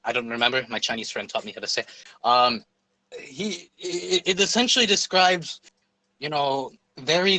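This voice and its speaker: Young man, stream guest, opinionated, halting, bright tone, dry recording. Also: mid-range voice, no room sound, low-quality recording. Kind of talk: casual livestream chat.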